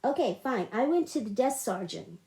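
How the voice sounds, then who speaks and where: A woman's voice: fairly high pitch, big pitch swings, normal speed, creaky, warm tone. A middle-aged woman telling a personal story in a monologue, emotional and repetitive, with frequent restarts. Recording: echoey room.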